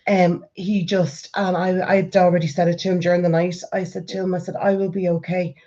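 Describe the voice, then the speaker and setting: A woman in her forties with an Irish accent, chatting casually as a vlogger and telling stories in a lively way. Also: on the low side, a little fast, dull audio. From Ireland. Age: 40s. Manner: lively storyteller, acts out quoted voices. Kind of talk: casual chat.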